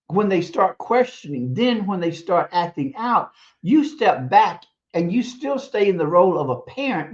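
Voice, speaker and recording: Heard through dull audio, a mid-range voice belongs to a teacher and stream host giving casual child-rearing advice. The talk is emphatic, with words repeated for stress and chuckles between points.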